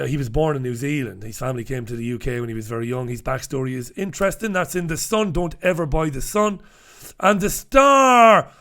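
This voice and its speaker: A middle-aged man running through the papers in loose, opinionated commentary. His voice sits a little high for a man, and he is blunt, swears freely and wanders into chatty asides. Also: a bit bright. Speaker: host reviewing newspapers.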